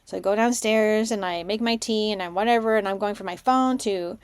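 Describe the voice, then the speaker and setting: A Canadian woman who hosts a spiritual podcast and works as a spiritual mentor tells stories in an excitable, rambling monologue, dropping to a hush to voice her own thoughts. Her mid-range voice is smooth and fairly quick, on a dry recording.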